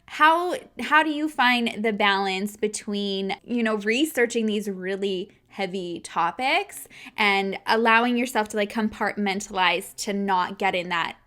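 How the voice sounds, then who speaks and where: Bright-voiced woman hosting a podcast. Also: medium pitch, a little slow, hardly any pauses. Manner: friendly, affirming interviewer. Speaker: podcast host. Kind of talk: casual interview.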